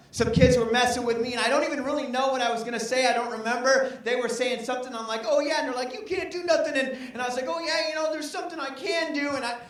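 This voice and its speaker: A middle-aged man speaking to teenagers in a hall and telling personal stories in an animated, comic way. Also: high-pitched. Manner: lively, animated storytelling with comic asides. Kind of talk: storytelling talk to teenagers. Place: large hall with a teen audience. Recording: echoey large hall, mic far off.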